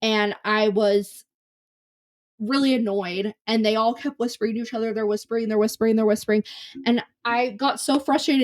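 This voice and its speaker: A woman's voice: fairly high pitch, steady tone, a little fast. A young adult woman hosting a casual solo podcast, chatty and self-deprecating, rambling through stories with restarts, her voice a little worn from talking. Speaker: podcast host. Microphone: close podcast mic on camera.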